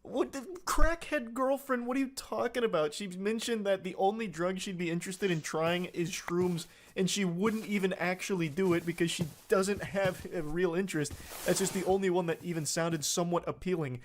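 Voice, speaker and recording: This male online commentator has a high-pitched voice and speaks at a normal speed, with a faint hiss or hum in the recording. Reacting to text messages, he reads them out incredulously and sarcastically, cursing without restraint.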